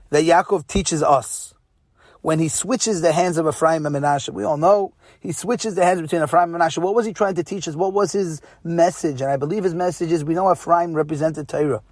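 A man delivers an earnest sermon. He sits a little above the usual pitch for a man and stresses points by saying them twice. The sound is dry and close. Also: a little mellow, slightly rough, dry recording. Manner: earnest, repeats phrases for emphasis. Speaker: rabbi. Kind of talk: pre-Sabbath sermon.

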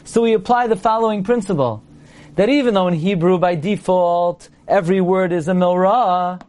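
A man with a fairly high voice teaches a class. He is playful and quizzing, and he sounds out his examples aloud as he goes. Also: normal speed, a little mellow. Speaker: Torah teacher. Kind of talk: lecture to a class.

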